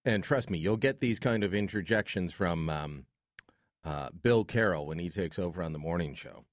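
A man's voice: low-pitched, animated, moderate pace, no room sound, studio quality. A man hosting talk radio in a sarcastic, joking way. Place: radio studio.

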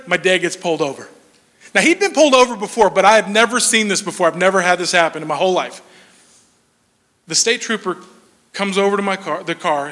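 A man in his forties telling comic stories on stage, animated and laughing through his punchlines. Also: sits high. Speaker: stand-up comedian. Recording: long hall reverb.

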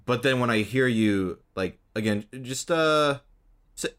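A man's voice: mid-range voice, expressive, measured pace, fairly bright tone. A man in casual conversation, asking questions and talking thoughtfully and playfully about accents. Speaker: interviewer. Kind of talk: casual chat.

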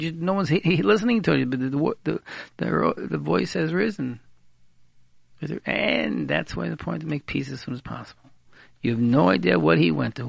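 A man's voice: on the high side, gravelly, slightly rough, no room sound. A man giving informal marriage advice on the radio, repeating key words for emphasis and mixing in Hebrew and Yiddish terms.

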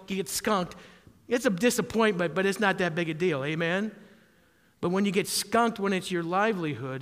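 A high, bright-voiced man preaches a lively sermon, calling out for amens and rising to shouts at the big moments. He is from southwest Wisconsin. His voice rings with a long hall reverb. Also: smooth. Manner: animated preaching, calls for amens, shouts at peaks. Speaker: pastor.

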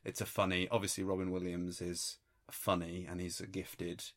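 A man co-hosting a comedy podcast, delivering rambling, mock-serious musings in a deadpan way. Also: low voice, normal speed. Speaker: podcast co-host. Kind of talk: improvised comedy podcast banter.

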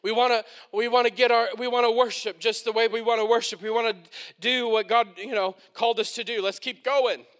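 A man in his thirties preaching a sermon with fervent, repetitive phrasing, rising to shouted peaks and excited whoops. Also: very high-pitched, fairly quick. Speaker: pastor.

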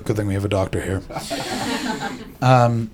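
A man's voice: lowish voice, fairly even intonation, noisy background. A man doing stand-up comedy as host, bantering with the crowd and telling profane stories. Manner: loud, profane, rapid banter. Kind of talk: stand-up crowd work and storytelling. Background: audience laughter.

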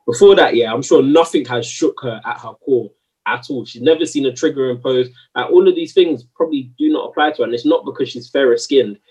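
A man's voice: mid-range voice, brisk, slightly rough, recorded from a distance, low-quality recording. A man in a heated, slangy podcast discussion, arguing his point. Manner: animated, slangy, argumentative.

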